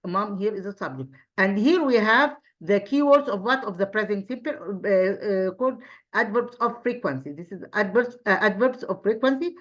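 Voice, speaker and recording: A woman teaching an English grammar review lesson, pausing often and repeating herself, asking rhetorical questions as she goes. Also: mid-range voice, animated, highs cut off. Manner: hesitant, frequent fillers and restarts.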